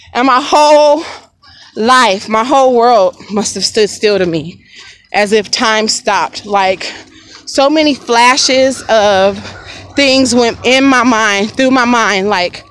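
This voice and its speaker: A woman's voice: a little high, expressive, slow pace, a bit bright, slight background noise, rough recording. A woman vlogger telling a personal story outdoors by a lake, frank and conversational, speaking straight to her viewers. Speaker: family vlogger.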